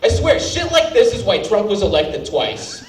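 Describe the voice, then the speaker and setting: On a comedy club stage, a standup comic rants with outrage and heaps of profanity through his set. His voice is high-pitched and sing-song at normal speed, picked up by a distant mic in a roomy live venue with faint ambience.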